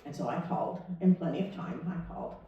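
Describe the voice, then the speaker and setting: In a low-pitched, dark voice at a quick pace, a woman minister preaches a sermon in a church sanctuary, relating a personal story conversationally and acting out what was said. The lo-fi sound is echoey and captured from a distance.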